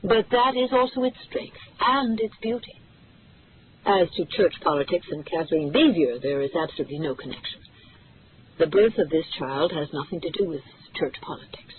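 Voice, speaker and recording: A reader voicing an older male cardinal who speaks in a measured, reassuring preacher's cadence, heard through tinny audio. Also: deep voice, expressive, slight background noise. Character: warm, calm, worried older male cardinal.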